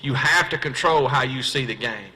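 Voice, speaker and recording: A professional bass angler, a Southern man with a bright, medium-pitched voice, gives a comedy fishing seminar in a seminar hall, telling stand-up stories to a live audience. He spins folksy yarns, mocks himself, lands quick punchlines and acts out dialogue, all on poor audio.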